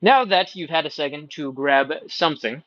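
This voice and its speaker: A man with a fairly high voice guides a live stretching class step by step. He is encouraging and playful as he explains each move. The sound is dull and lo-fi. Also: normal speed, a bit bright. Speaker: stretching instructor. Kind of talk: live workout instruction.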